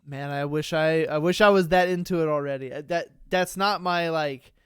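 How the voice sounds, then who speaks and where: A man's voice: fairly high pitch, normal speed, fairly bright tone, smooth, no room sound, studio quality. A man co-hosting a casual streaming podcast, rambling with many fillers and restarts. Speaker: podcast co-host.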